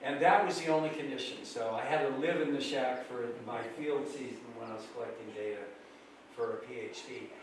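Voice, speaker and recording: A man giving a folksy public talk as the guest speaker, self-deprecating and relaxed. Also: mid-range voice, a little fast. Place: school hall. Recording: echoey hall from far off, faint noise.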